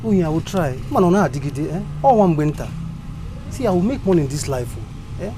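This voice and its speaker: A man's voice: fairly high pitch, fast. An actor with a Nigerian accent playing a poor young man who pleads his love and keeps asking "eh?". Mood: pleading. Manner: pleading, insistent, tags lines with "eh?". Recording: echoey room with steady noise.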